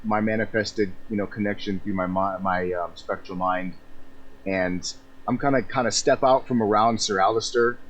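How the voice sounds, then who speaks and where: A man playing a tabletop game who speaks haltingly and searches for his words. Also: lowish voice, fairly even intonation. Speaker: player.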